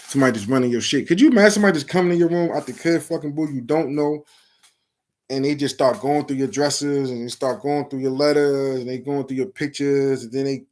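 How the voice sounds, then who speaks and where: A middle-aged man giving blunt, profane advice to young people in the streets, speaking emphatically in a preachy street manner. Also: medium pitch. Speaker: vlogger giving advice to at-risk youth. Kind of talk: blunt motivational talk to camera.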